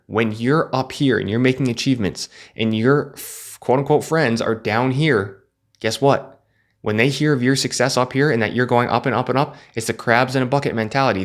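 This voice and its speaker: A young man giving blunt motivational talk, loose and full of fillers and restarts. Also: medium pitch. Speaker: self-improvement vlogger. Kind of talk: casual motivational monologue.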